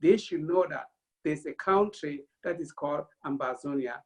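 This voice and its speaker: Man on a panel, kinda high voice, lots of uh's and restarts. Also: poor audio. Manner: halting, with many fillers. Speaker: panel guest. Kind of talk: panel discussion.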